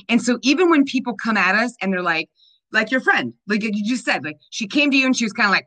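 A woman's voice: on the high side, animated, moderate pace, bright, forceful tone, poor audio. A woman in casual chat on a video call, upbeat and emphatic, laughing often.

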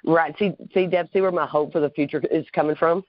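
A man's voice: fairly high pitch, fairly even intonation, fast, no room sound. Earnest podcast host man, dry dull sound. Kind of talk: casual interview chat.

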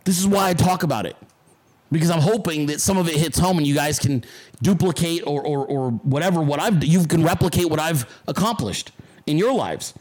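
A man's voice: on the high side, a little fast, darkish tone. A man hosting a casual livestream show, talking bluntly and with lots of swearing, and mocking his critics in put-on voices. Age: adult. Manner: blunt, profane, combative; mocks callers in put-on voices. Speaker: podcast host.

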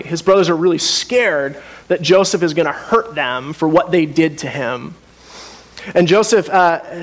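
A man preaching a sermon in a conversational way, asking the congregation questions and often restarting his sentences. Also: on the high side. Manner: conversational, with frequent restarts and asides. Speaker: pastor.

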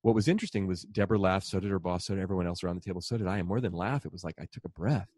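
A middle-aged man, an author and speaker, telling stories in an animated conversational way and acting out quoted voices. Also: low-pitched, racing, no room sound, clean studio sound. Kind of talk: conversational storytelling.

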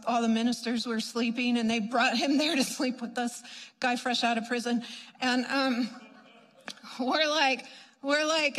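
A woman minister telling testimonies in a chatty, animated storytelling way, acting out what people said. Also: on the high side, big-room sound, poor audio. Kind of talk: testimony preaching.

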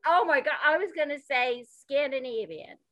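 A woman co-hosting a podcast, playful and excitable in casual comedic chat. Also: high-pitched, moderate pace, dry recording, highs cut off. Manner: playful, excitable, exclaims often. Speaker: podcast co-host.

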